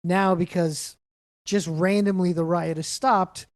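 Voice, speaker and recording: A man's voice: high-pitched, takes it slowly, no echo, clean studio sound. A man on a podcast panel retelling a scene animatedly in casual chat, acting out quotes. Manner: animated storyteller, acts out quotes.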